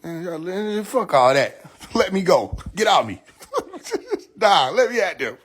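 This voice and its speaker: A man holds a phone live stream and rants in a loud, mocking, profane way. His voice sits high and jumps all over, and he keeps breaking into shouts and cackles. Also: big pitch swings, slow pace, husky. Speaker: livestream host. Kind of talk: comedic rant on a live stream.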